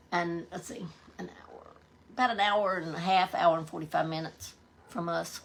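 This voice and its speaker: Low gravelly Southern woman chatting live. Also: fairly even intonation, moderate pace, slight background noise. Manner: folksy and chatty, greeting viewers by name. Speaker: livestream host. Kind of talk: casual live-stream chat, reading out viewer comments.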